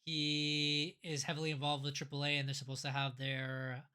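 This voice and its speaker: Podcast co-host, bright tone, rambling casual recap with lots of restarts. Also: medium pitch, completely flat delivery, moderate pace, smooth. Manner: rambling, with many fillers and restarts. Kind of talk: casual wrestling recap chat.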